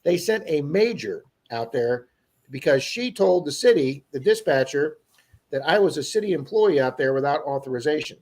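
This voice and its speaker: A man co-hosting a livestream, telling an animated story to his viewers in a casual chat. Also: a little high, normal speed. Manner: animated storyteller who acts out quoted people. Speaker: livestream co-host.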